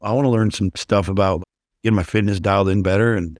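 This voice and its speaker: Podcast guest, middle-aged man; low-pitched, raw and candid, swears freely. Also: fairly even intonation, fast talker, no room sound, clean studio sound. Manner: intense, blunt, swears freely. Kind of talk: candid interview talk.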